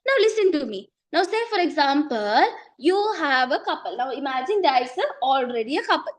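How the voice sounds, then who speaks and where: High-voiced tutor woman, losing her voice. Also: very animated, moderate pace. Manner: repetitive, checks understanding often. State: losing her voice, clearing throat. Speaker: chemistry tutor. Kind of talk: online class teaching.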